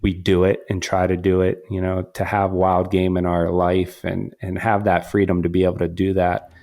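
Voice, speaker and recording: A hunter and father casually telling a story about a hunt, animated and full of quoted dialogue and restarts. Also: low voice, normal speed, gravelly. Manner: animated, quotes himself and others, frequent restarts.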